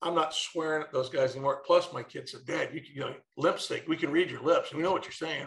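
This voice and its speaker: A middle-aged man, a former baseball manager, telling stories in a casual interview and quoting his kids in lively bursts. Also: fairly high pitch, brisk, echoey room, rough recording.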